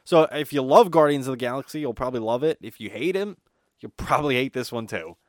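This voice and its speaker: A man's voice: mid-range voice, expressive, fast talker, no echo, clean studio sound. Rambling, profane man telling a story. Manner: rambling storyteller, swears a lot, fills with "like". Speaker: podcast co-host. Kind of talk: casual chat.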